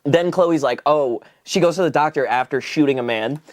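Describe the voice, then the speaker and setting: A young man co-hosting a casual podcast, animatedly retelling a film plot and acting out characters in high voices. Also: normal speed, no room sound. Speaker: podcast co-host. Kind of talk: casual chat.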